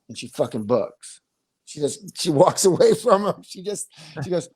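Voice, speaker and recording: A man's voice: on the high side, animated, normal speed, darkish tone, husky. A man on a video call chatting casually, telling a long story in a rambling way with many restarts. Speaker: musician guest. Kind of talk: casual chat.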